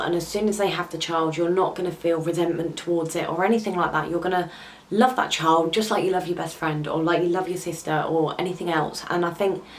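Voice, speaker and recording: Young woman vlogger, low-pitched, heartfelt and confiding, faint noise in the background. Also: poor audio. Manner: heartfelt and confiding, with hesitant ums. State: close to tears at times. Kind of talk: candid personal talk to camera.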